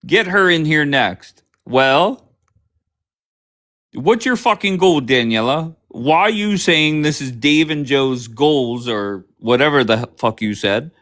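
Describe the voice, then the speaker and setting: A man hosting a livestream, bluntly grilling his guests with rapid questions and frequent swearing. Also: medium pitch, animated, a bit bright. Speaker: livestream host. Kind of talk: confrontational livestream chat.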